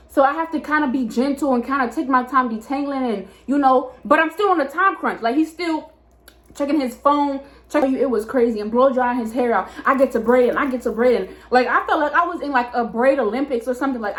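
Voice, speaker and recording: A woman in her twenties, a hairstylist, telling a casual storytime vlog in a chatty, animated way with lots of fillers. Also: high voice, brisk. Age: 20s. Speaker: hairstylist and vlogger. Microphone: camera mic.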